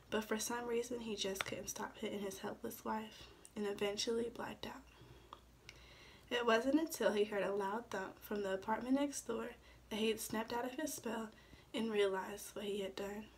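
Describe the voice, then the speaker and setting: A young woman reads her own story assignment aloud, stumbling now and then on a word. Her voice sits at an average pitch. A faint background noise runs under the recording. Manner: reads from the page with small stumbles. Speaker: student.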